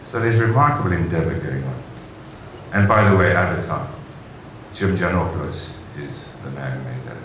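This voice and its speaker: The man has a deep voice with lively intonation and talks at normal speed. He is a conference speaker giving an enthusiastic keynote in a large hall, telling stories with rhetorical asides, and the recording has strong echo and faint noise.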